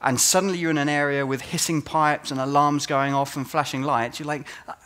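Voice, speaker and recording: At a conference, a man whose voice is on the high side and fairly quick talks as a game designer, animatedly telling stories and performing the reactions of players.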